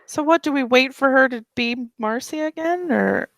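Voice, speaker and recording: A woman's voice: high voice, normal speed, gravelly, a bit bright. A woman playing a tabletop game, answering with dry, teasing comebacks. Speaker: tabletop player. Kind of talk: casual tabletop role-play.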